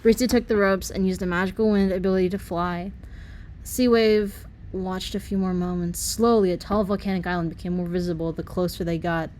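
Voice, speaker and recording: A woman narrating her own fantasy story as an amateur audiobook, in a plain, steady reading. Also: fairly low pitch, a little fast, a little hiss or hum. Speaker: narrator and author.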